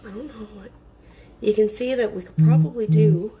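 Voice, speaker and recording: A woman's voice: mid-range voice, animated, moderate pace, warm tone, slight background noise, poor audio. A woman giving a casual, rambling cooking demonstration in her home kitchen, chatting as she works with lots of fillers and restarts.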